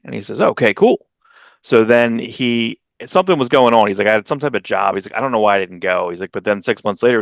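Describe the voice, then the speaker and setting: Low-voiced rambling podcast co-host, man. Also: vocal fry, no echo. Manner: rambling storyteller, acts out quotes with sudden jumps in pitch. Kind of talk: casual chat.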